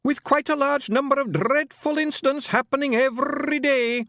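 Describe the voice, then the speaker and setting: A man's voice: very high voice, moderate pace, bright, forceful tone, dry recording, studio quality, voice pushed up, exaggerated voice. A man voicing a tiny theatrical male pixie poet who wails his verse. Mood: mournful declaiming. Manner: wailing, declaiming.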